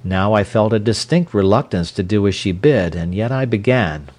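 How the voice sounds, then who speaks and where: A man narrating an audiobook in a slow, measured, expressive manner. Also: fairly low pitch.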